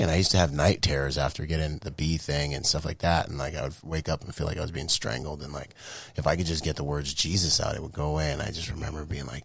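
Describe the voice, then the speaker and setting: A man, a Marine veteran guest, telling a personal story in an emotional, animated way with many restarts. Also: a bass voice, brisk, creaky, breathy edge, dry recording. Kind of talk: casual storytelling.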